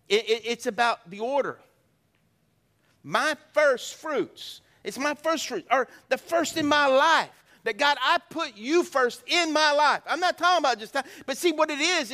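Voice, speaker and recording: A middle-aged man preaches a sermon as pastor in an extremely high, sharp-toned voice. He's a folksy, joking storyteller who draws answers from the congregation through call-and-response.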